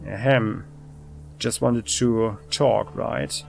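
Relaxed male let's-play host, gravelly voice, mid pitch. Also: very slow, soft background music. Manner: relaxed, thinking aloud with restarts. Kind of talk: casual gameplay commentary.

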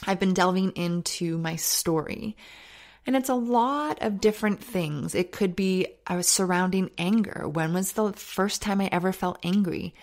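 A woman hosting a faith-based self-help podcast, telling stories earnestly and sometimes dropping to a soft near-whisper. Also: on the low side, moderate pace. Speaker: podcast host.

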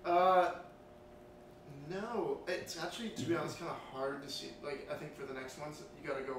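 A man's voice: on the high side, normal speed. A young man off camera, keeping time and reading out comments in brief, matter-of-fact remarks. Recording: distant from the mic in a roomy room with noise.

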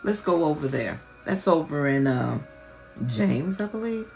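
A woman's voice: low-pitched, expressive, unhurried, creaky, a little mellow, faint music behind. A woman preacher giving an impassioned, colloquial teaching sermon on a live stream, repeating rhetorical questions.

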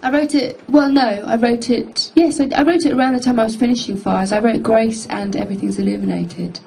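A woman singer-songwriter chatting offhandedly between songs in a music studio, quick to laugh. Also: fairly high pitch, steady tone, gravelly. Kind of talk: casual chat between songs. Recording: loud acoustic guitar behind voice.

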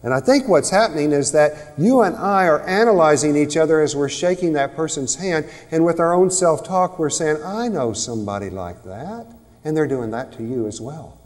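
A man's voice: a little high, normal speed, hardly any pauses, darkish tone. A man giving a motivational seminar talk on communication to a live audience, asking rhetorical questions. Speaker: speaker on communication skills. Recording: long reverb of a hall.

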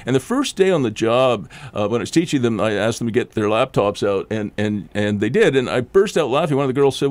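A man's voice: medium pitch, animated, fairly quick, few pauses, no room sound. Chatty older Canadian man, dry studio sound. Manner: rambling, chatty, lots of restarts and self-interruptions. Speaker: guest. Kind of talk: casual interview storytelling. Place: radio studio. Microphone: studio mic.

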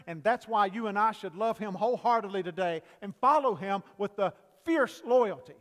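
Male preacher, high voice, booming then hushed, long church reverb. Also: fairly quick, few pauses. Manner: preaching with sharp swings between loud emphasis and hushed, quiet passages. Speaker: pastor. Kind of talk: sermon. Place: church sanctuary.

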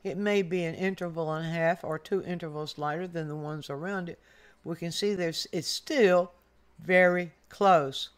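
A woman's voice: on the low side, moderate pace. An older woman art teacher giving a patient, explanatory painting lesson, speaking directly to the viewer.

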